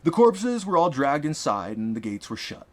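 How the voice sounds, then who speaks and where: A man narrating his own fantasy audiobook in an expressive, dramatic reading. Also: a little high, moderate pace. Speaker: author and narrator.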